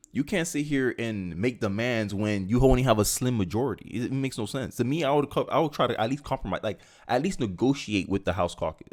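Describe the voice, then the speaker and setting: A young man hosting a casual political commentary video, reading news aloud and reacting with animated, conversational asides. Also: mid-range voice. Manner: animated and conversational, slipping into mocking voices.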